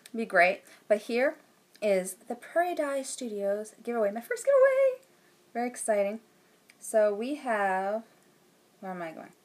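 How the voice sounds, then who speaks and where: A woman's voice: medium pitch, unhurried. A woman hosting her own knitting podcast at home, chatting casually to the camera in a rambling way with lots of fillers and restarts. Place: at home, indoors.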